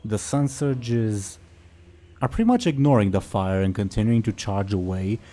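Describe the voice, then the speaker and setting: A man's voice: fairly low pitch, animated, normal speed, warm tone. A man narrating as game master of a tabletop role-play, in a loose, stop-start way.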